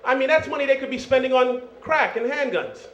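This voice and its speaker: A man's voice: very high voice, expressive, fairly quick, a bit bright, a little hiss or hum. A Jamaican-born man doing a stand-up set on a club stage, loose and chatty, peppering lines with "man" and "you know". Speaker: stand-up comedian. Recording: roomy dull club recording.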